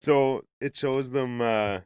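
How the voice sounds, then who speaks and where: A man's voice: fairly even intonation, takes it slowly, a little mellow, smooth, dry recording. A man chatting casually with friends, rambling and swearing as he retells a cartoon. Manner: rambling storyteller, swears a lot, acts out characters in high voices. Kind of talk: casual chat among friends.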